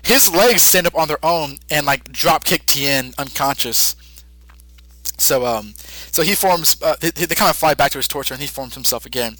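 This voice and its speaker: A male podcast co-host recapping a story in a chatty, filler-heavy way and laughing often. His voice is bright and slightly high, and the recording is dry and close. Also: normal speed, dry recording, rough recording.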